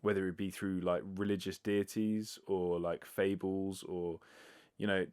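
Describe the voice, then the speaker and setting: Male solo podcaster, slightly low register, loose and sweary, talking close to the mic. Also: flat delivery, measured pace, darkish tone, smooth. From United Kingdom. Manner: rambling, filler-heavy, swears casually. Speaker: podcast host. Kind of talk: casual solo podcast answering listener questions. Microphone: close sensitive microphone.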